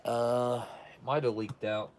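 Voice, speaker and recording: A man's voice: mid-range voice, little pitch movement, takes it slowly, noisy background. A man hosting a casual livestream, reviewing old military rations and chatting with viewers in a folksy, self-described redneck way.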